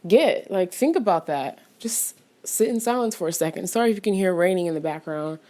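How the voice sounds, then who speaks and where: A woman's voice: on the low side, expressive, brisk, mellow. Woman rambling through a chatty film review. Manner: chatty and rambling, full of fillers and restarts, with sudden outraged exclamations; paces back and forth while talking. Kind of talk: casual rambling movie review.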